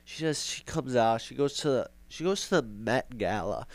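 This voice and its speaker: A man's voice: mid-range voice, animated, moderate pace, dry recording. A young man hosting a casual podcast monologue, rambling and sarcastic, repeating himself for effect. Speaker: podcast host.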